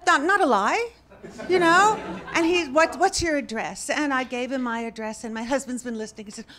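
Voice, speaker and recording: High-voiced woman telling a comic story. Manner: deadpan, wry delivery that rises to exasperated outbursts. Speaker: stand-up comedian. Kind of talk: stand-up storytelling. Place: comedy club stage before a laughing audience.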